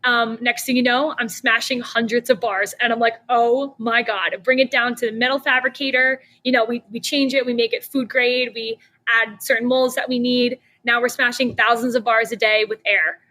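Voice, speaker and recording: A young woman with a bright, fairly high voice, talking in a loose, animated way as a podcast guest. Her story tumbles out with plenty of "um" and "like" fillers. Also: fairly quick, few pauses. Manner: chatty, lots of "um" and "like", animated. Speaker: guest, snack company founder. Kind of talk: casual interview storytelling.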